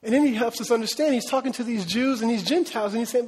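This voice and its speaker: A man's voice: very high-pitched, fast, few pauses, slightly rough, long reverb tail. A man preaching a sermon as a pastor, talking in a conversational way and often asking his listeners questions. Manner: conversational, asks the audience questions.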